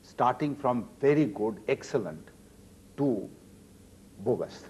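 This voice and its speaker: A man in his sixties with an Indian accent, a finance minister answering interview questions in a measured, repetitive way with hesitant fillers. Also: mid-range voice, animated, a little mellow, husky, poor audio. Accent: Indian English.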